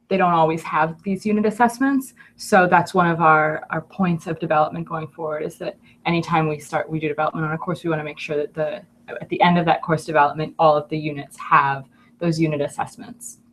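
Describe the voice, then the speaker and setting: A woman on course staff explaining changes casually, measured with frequent ums. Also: low-pitched, slight background noise. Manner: measured, filler-laden explaining.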